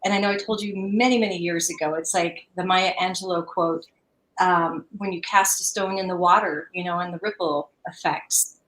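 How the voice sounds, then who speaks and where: A woman's voice: fairly low pitch, steady tone, normal speed, fairly bright tone, reverberant, low-quality recording. A woman guest in a casual interview on a video call, speaking in a heartfelt, reflective way.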